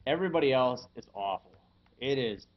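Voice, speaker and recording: A man in a casual podcast chat, reviewing a game at a middling pitch. He keeps stopping on fillers and chuckling between points. The recording sounds dull and lo-fi. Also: animated. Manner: halting, filler-heavy, chuckles often.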